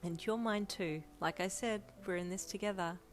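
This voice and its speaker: A woman's voice: mid-range voice, moderate pace, faint music behind, lightly acted. A woman voicing a playful, cheeky young woman in a fanfiction audiobook reading, speaking in a teasing, affectionate way. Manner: teasing and warm.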